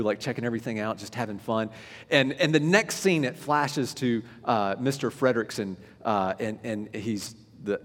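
Male pastor, mid-range voice, chatty sermon delivery with hushed asides, recorded with long reverb in a church. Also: medium pitch. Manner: conversational storytelling, drops to near whispers.

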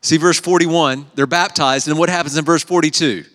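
Steady and a bit bright, this young pastor's voice sits on the high side and moves at a normal speed. His sermon is conversational, built on stories with quotes he acts out, echoing with long hall reverb.

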